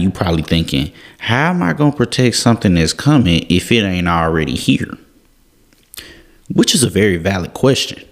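A young man, teaching a Bible passage in an earnest, casual way and often repeating and restarting his words. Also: sits low. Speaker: devotional podcast host.

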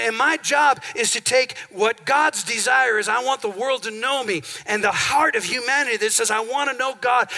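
A man's voice: high-pitched, pushed and bright. A male pastor preaching a sermon in a church, talking conversationally and calling on the congregation for amens. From central Minnesota. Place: church sanctuary.

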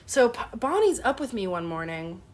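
A woman co-hosting a casual podcast, telling a ghost story with lively asides and laughter while getting over an illness with a cough. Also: fairly high pitch, moderate pace. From part Sicilian and Italian heritage. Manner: animated storyteller, laughs often. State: sick with a cough. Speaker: podcast co-host.

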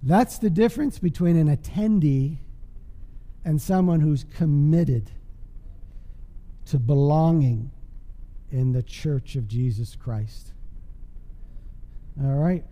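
High-voiced preacher in a reverberant church. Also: male voice, takes it slowly, pauses often, warm tone. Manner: emphatic, call-and-response preaching. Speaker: pastor. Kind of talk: sermon. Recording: long hall reverb.

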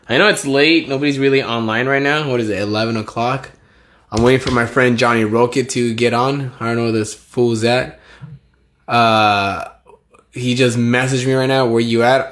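A man's voice: mid-range voice, fairly bright tone. A young man from the United States hosting a casual podcast on a live stream, rambling and joking with slang and swearing. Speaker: podcast host.

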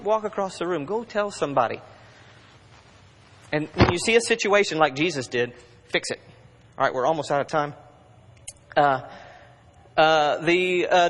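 A male pastor preaching a sermon in a church, conversational, moving between urgent bursts and hushed asides. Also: fairly high pitch. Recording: long reverb of a large hall.

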